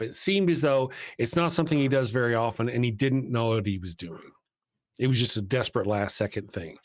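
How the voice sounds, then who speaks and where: A man's voice: medium pitch, no echo. Rambling, casual man on a dry mic. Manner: rambling, self-interrupting, swears casually. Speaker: livestream host. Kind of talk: casual live-stream chat.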